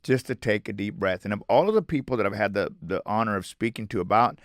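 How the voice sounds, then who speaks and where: Middle-aged guy guesting on a podcast, deep-ish voice, gets emphatic telling stories. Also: fast talker, no room sound, studio quality. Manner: animated storyteller, emphatic. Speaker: guest author. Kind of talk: conversational podcast interview.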